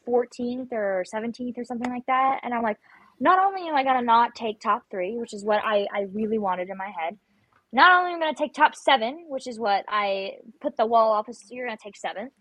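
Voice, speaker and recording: A young woman talks fairly quickly in a slightly high voice during a casual interview-show chat. As a guest who does competitive shooting, she tells stories in a chatty way, reenacting her panicked lines. The recording is rough but has no echo.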